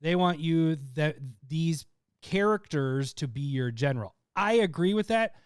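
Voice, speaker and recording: Laughing, joking man with a smooth voice. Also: fairly high pitch, animated, unhurried, dry recording, studio quality. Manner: laughs often, rambling and joking. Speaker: podcast co-host. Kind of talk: casual chat.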